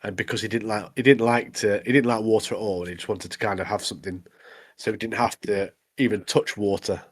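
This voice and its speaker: A man's voice: lowish voice, fairly even intonation, fast, slightly rough. A man, co-hosting a podcast and recapping episodes in an easygoing, often laughing way. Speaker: podcast co-host. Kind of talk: casual chat about anime episodes.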